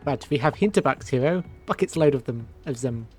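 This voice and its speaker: A man's voice: medium pitch, animated, brisk, faint music behind, lightly acted. A man doing shady monster folk in a vague accent. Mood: grandiose. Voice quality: vague put-on foreign accent. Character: odd male monster creatures, grand and shady.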